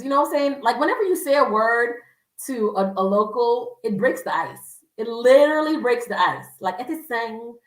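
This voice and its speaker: A woman's voice: mid-range voice, fairly bright tone, roomy sound, far from the mic, rough recording. A woman giving casual travel advice as a vlogger, chatty with lots of fillers, acting out quoted voices.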